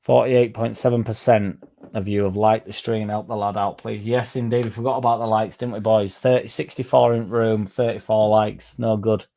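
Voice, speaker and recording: A man hosting a fan livestream, rambling through deadpan jokes and chatting to the chat. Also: lowish voice, moderate pace, vocal fry. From Leeds, England. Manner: rambling deadpan joking, dropped articles. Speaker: fan channel livestream host. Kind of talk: casual livestream chat reading the chat.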